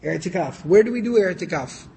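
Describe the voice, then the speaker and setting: A man giving a storytelling religious lecture, animated, with sarcastic asides and quick recitations. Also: high-pitched, gravelly. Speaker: Islamic lecturer. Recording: long hall reverb.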